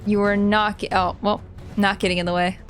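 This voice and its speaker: A young woman streaming a video game live, reacting out loud with giggles and emotional comments. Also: mid-range voice, level tone, a little fast. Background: faint game music.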